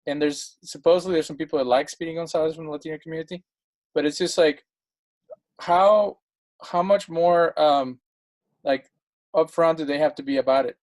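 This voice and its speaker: A man's voice: a little high, fairly even intonation, normal speed, darkish tone. A man speaking as a guest in a casual discussion, telling stories in an impassioned, emphatic way.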